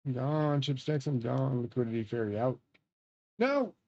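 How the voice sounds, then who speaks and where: A man's voice: medium pitch, steady tone, brisk, mellow, highs cut off. A man streaming a shooter game, rambling on in a profane, grandiose way. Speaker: livestreamer playing a shooter game. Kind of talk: rambling live-stream chat.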